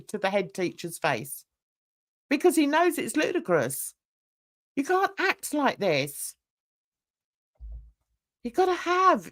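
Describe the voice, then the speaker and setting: A woman hosting a drama commentary show, giving emphatic, scornful opinions. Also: high voice. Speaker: host.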